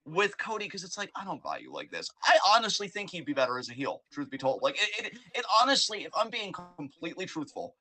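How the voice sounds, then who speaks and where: A man's voice: on the high side, huge pitch swings, fast, hardly any pauses, bright, forceful tone. A man co-hosting a podcast, ranting in casual, profane, rambling chat. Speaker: podcast co-host.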